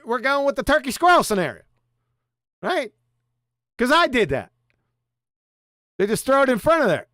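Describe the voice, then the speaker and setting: Middle-aged man, sarcastic lecturing host, smooth resonant voice, dry close sound. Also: high voice, a bit bright, no echo. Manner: sarcastic, lecturing, rhetorical questions. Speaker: show host. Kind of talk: lecture-style livestream monologue.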